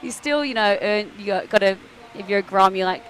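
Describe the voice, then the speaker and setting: Outdoors at a beach event, a young Australian woman who surfs chats casually on a live broadcast as a commentator. She's a bubbly storyteller, acting out quoted voices with lively energy and laughing often, in a mid-range voice at a slightly fast pace.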